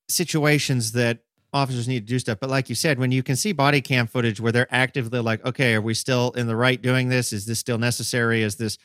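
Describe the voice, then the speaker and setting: Animated man in a dry room. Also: medium pitch, no room sound. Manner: animated, acts out quotes in voices; talks in extended metaphors. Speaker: podcast co-host. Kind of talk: casual discussion.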